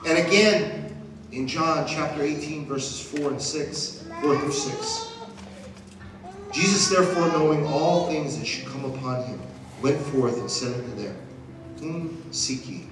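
A pastor preaching a sermon to his church, swinging from hushed passages to shouted ones. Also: a little high, very animated, unhurried. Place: church sanctuary. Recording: echoey hall, distant mic, audible noise.

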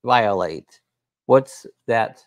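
A man's voice: on the low side, lively intonation, extremely slow, no echo, clean studio sound. A man co-hosting a live chat stream, talking casually and playfully, sometimes repeating words in a sing-song way.

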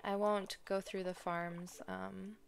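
A woman chatting casually while playing a farming video game, excitable and prone to dramatic groans. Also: medium pitch, slow, vocal fry, noisy background. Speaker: gaming streamer. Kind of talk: casual gameplay commentary. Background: soft game music.

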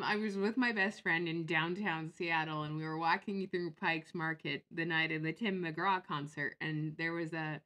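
A woman chatting on a casual livestream, sarcastic and quick to laugh as she reacts to viewers. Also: fairly low pitch, fairly bright tone.

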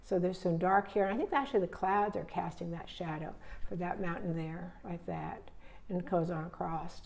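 Low-voiced woman demonstrating a painting. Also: moderate pace. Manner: relaxed, thinks aloud step by step while painting. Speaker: painting teacher. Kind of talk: narrating a live painting demonstration.

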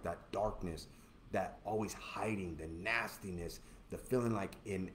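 Low-voiced man preaching in an echoey room. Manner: earnest, animated preacher who acts out voices. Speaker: co-host of a church teaching show. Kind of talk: preaching Bible teaching. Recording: echoey room with faint noise.

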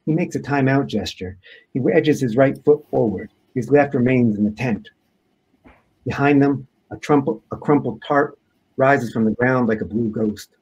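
Husky man reading his prose aloud. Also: medium pitch, moderate pace, darkish tone, lo-fi sound. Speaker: author.

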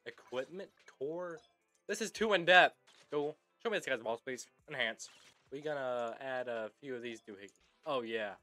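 A man's voice: mid-range voice, moderate pace, a bit bright, faint music behind. A young man casually commenting on a video game as he plays, goofy and rambling, calling people brother. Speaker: gaming YouTuber.

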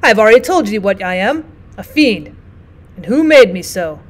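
A woman voicing a bitter old male physician bent on revenge, speaking loudly and sternly in old-fashioned words. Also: mid-range voice, sing-song, moderate pace, lightly acted. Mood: grim.

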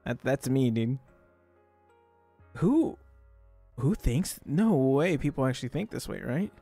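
Excitable young man, rambling streamer. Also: mid-range voice, moderate pace, gravelly, faint music behind. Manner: excitable, rambling, laughs and repeats himself. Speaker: streamer reacting to videos. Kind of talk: casual reaction commentary.

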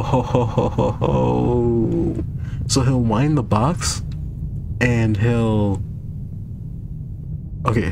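Low-voiced man rambling through gameplay commentary. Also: noisy background. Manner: rambling, checks in with "right?". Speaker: gaming YouTuber. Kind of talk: let's play commentary.

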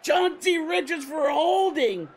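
A young man streaming a video game, reacting live with excited shouts and swearing at each play. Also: extremely high pitch, takes it slowly. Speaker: gaming streamer.

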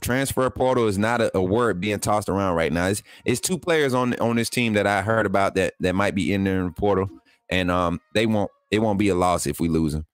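A man's voice: fairly low pitch, brisk, smooth, dry recording. A man, hosting a live sports stream in a chatty way, repeating himself and talking straight to his viewers. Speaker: sports channel host.

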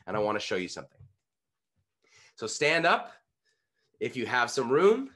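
A man in his thirties leads an online speaking workshop over a video call. His voice sits at an ordinary pitch, and he keeps the energy up, coaxing listeners to join the exercises. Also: wildly swooping pitch, normal speed, fairly bright tone. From Canada. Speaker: pitch coach.

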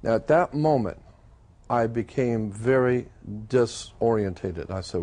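A man telling a personal story in a casual, conversational way, pausing often with "uh" and "um". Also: medium pitch, expressive, warm tone. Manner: conversational, with frequent "uh" and "um" pauses. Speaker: storyteller recounting a personal experience.

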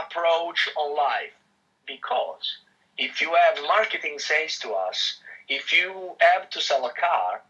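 A man with an Italian accent tells his story as a guest in a casual interview. His voice sits a little high and sounds very bright and cutting, and he acts out other people's lines as he goes. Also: husky, muffled recording. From Italy. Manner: animated, acts out quoted dialogue, frequent restarts. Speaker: guest, real estate agent.

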